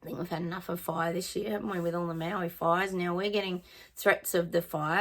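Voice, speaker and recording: Talking fairly quickly in a steady, fairly low voice, a female psychic muses casually to her audience during a relaxed reading monologue. Her delivery is chatty, dotted with sung bits of songs and sentences that trail away.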